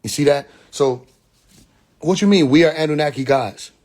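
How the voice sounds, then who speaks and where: High-voiced man from Atlanta, preachy. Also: moderate pace, a little mellow. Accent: Southern US (Atlanta). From Atlanta, USA. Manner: preachy and mocking, fires rhetorical questions, profane slang. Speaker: livestream host. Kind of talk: rambling live-stream monologue. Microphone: phone.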